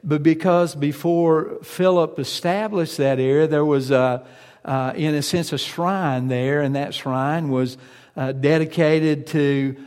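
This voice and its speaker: A man's voice: fairly high pitch, fairly even intonation, slow, darkish tone, clean tone, long reverb tail. A male pastor preaching a sermon. He hesitates often with fillers, then builds to emphatic points.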